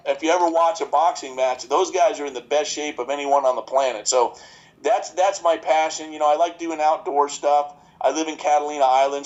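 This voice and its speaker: A man in his fifties rambles through his answers in a podcast interview. He jokes and restarts his sentences often, leaning on fillers. The audio is a little dull and lo-fi. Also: on the high side. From New York. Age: 50s. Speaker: chiropractor guest.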